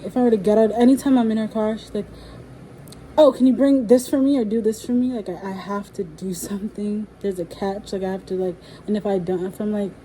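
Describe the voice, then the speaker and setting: A young woman in a casual, rambling monologue, speaking candidly with frequent swearing and laughter, a little low on energy. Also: dark tone, slight background noise, poor audio. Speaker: spiritual vlogger and musician.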